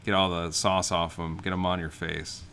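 A man's voice: low voice, flat delivery, moderate pace, pushed and bright, slight background noise. A man co-hosting a podcast, spinning rambling absurd stories in casual comedic chat. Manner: rambling, absurd storytelling with fillers. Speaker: podcast co-host.

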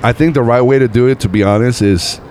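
A man in his thirties from Northern Nevada, a comedian appearing as a guest, tells casual stories in a mid-range voice at a fast clip, with slight background noise. He's animated, laughs at his own tales, and throws around "bro" and "dude."

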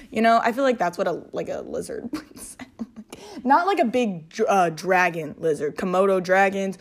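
A woman's voice: fairly low pitch, normal speed. Giggly rambling woman podcaster. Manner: rambling and giggly, full of filler words. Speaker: podcast host. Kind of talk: casual solo chat.

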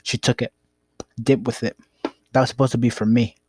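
A man's voice: mid-range voice, little pitch movement, fairly quick, darkish tone, dry recording. A young man casually telling a rambling, profane story about his past. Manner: rambling, profane, laid-back.

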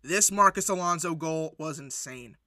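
A man hosting a solo sports podcast, recapping matches in an excitable, rambling way with lots of fillers and restarts. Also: on the high side, normal speed, no room sound, studio quality. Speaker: podcast host.

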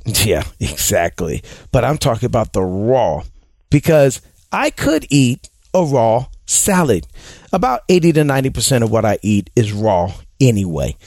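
On a casual advice show, a man works through listener questions, often mimicking people in exaggerated voices. His medium-pitched, darkish voice has a gravelly edge and a sing-song quality, swinging widely up and down at a moderate pace. The recording is dry and close, with no room echo.

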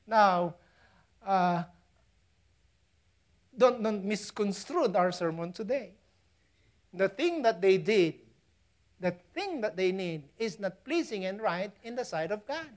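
This Filipino preacher, speaking with a Filipino accent, is very animated yet slow, leaving long pauses in her mid-range voice. She shifts from loud emphasis to hushed near-whispers and chuckles at her own asides.

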